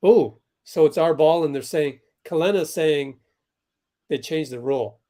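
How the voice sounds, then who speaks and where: Fairly high in pitch, warm, and unhurried, this man's voice carries his casual live commentary on a basketball game. Hosting a watch-along stream, he's chatty, reacts to each play, and talks with chat viewers.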